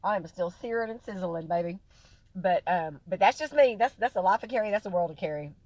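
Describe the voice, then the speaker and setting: A woman's voice: on the low side, expressive, brisk, a little mellow, no echo. A woman vlogging casually to her followers, chatty and folksy, often swinging between laughing and tearful. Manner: chatty, folksy, lots of fillers and "y'all". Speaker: vlogger sharing her health journey. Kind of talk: casual direct-to-camera chat.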